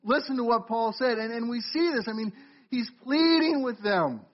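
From a church sanctuary pulpit, a middle-aged male pastor with a strikingly high voice preaches a sermon at normal speed. He is animated and conversational, often turning to question the congregation. The recording is muffled and lo-fi.

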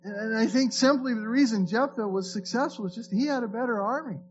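A man with a fairly high voice preaches a sermon in a loose, conversational manner. He reads scripture aloud and often stumbles into repeated words as he restarts. The recording is slightly dull and lo-fi, with a faint hum underneath. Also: brisk. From Florida. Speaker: pastor.

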